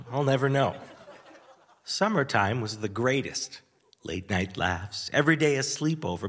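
A man hosting a radio show, telling a nostalgic story in a wry, animated way with chuckles and dramatic pauses. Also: lowish voice, in a large hall. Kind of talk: nostalgic first-person storytelling.

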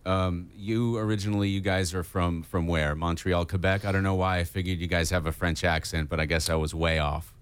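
A man's voice: deep voice, flat delivery, fairly quick, hardly any pauses, smooth, no room sound. A man hosting a casual radio interview, chatty and enthusiastic with plenty of ums and uhs. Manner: chatty, enthusiastic, lots of fillers. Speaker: radio host.

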